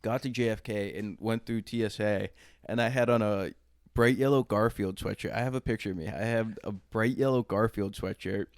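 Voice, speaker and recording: A man's voice: fairly low pitch, steady tone, moderate pace, dry recording, studio quality. A man from Boston, a podcast co-host telling a crude, laid-back story in casual chat.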